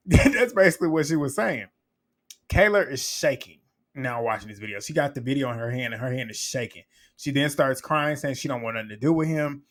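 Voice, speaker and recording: Brisk and fairly bright in tone, a mid-range male voice runs through a reality show recap with relaxed, conversational commentary. He doesn't hold back, swearing liberally and laughing as he reenacts what people said.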